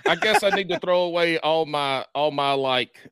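A man's voice: a little high, moderate pace, smooth, no room sound, clean studio sound. A man from the Carolinas hosting a podcast, bantering and joking with his guests. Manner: joking, lively banter, swearing. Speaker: podcast host. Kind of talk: casual chat.

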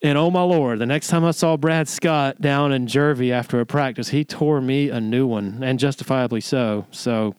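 A man co-hosting a podcast, telling stories in an animated way and laughing often. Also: mid-range voice, moderate pace, few pauses, clean tone, no echo. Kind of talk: storytelling podcast chat.

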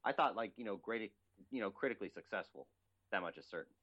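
Man, film podcast co-host, rapid rambling talk, low voice, muffled lo-fi sound. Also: animated, a bit bright. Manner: eager, rambling, repeats himself. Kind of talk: casual film chat. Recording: dull lo-fi recording.

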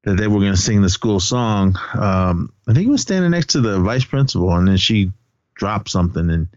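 A man's voice: fairly low pitch, very animated, brisk, no echo, muffled recording. A man co-hosting a podcast, chatting casually about a movie and his school days, rambling and laughing often. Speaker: podcast co-host.

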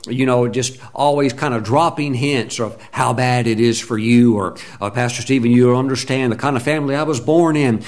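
A man preaching a sermon, fervent and emphatic, acting out quoted prayers and complainers in lively voices. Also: mid-range voice. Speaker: pastor.

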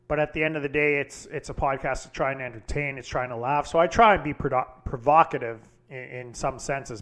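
A man hosting a solo podcast, telling a story in a casual, candid way with frequent fillers and swearing. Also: on the high side. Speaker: podcast host.

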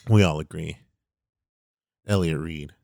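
A man with a very deep voice rambles through casual stories, heavy on slang and filler "like". His voice sounds dry and close, with no room around it. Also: a little slow, gravelly, a little mellow, no room sound. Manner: rambling, slangy storytelling with lots of "like". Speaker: podcast co-host. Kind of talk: casual chat.

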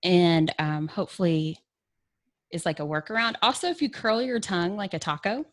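A woman's voice: fairly low pitch, normal speed. A middle-aged woman from Kentucky with a Southern accent, chatting candidly and playfully as a podcast guest, often laughing. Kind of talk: frank casual chat.

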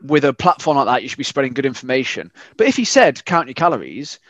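A British man in a casual podcast chat, ranting and swearing in an animated way. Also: mid-range voice, quick pace, no echo, dull audio.

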